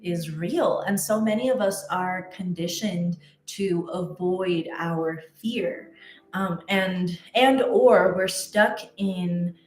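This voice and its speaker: A woman's voice: on the low side, takes it slowly, darkish tone, echoey room, faint music behind. A woman telling a personal story in a casual, chatty way, with many fillers and restarts. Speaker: spiritual content creator.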